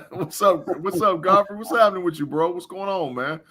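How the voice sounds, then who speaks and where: A man's voice: high voice, moderate pace, a loud crowd. A man, a guest on a remote call, talking emphatically in casual chat and chuckling as he repeats phrases.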